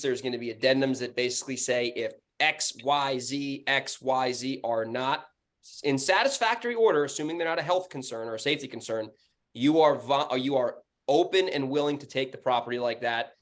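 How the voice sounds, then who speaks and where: Profane, animated New York man telling stories. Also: mid-range voice. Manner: animated, profane, acts out heated phone calls in a raised voice. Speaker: podcast co-host, real estate investor. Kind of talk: casual chat, storytelling.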